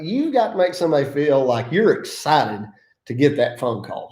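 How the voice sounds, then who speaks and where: A man's voice: fairly high pitch, a little mellow. Appalachian man with folksy advice. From mountains of North Carolina. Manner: folksy, self-deprecating, with frequent fillers. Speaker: land clearing contractor. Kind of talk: casual advice vlog. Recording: echoey room.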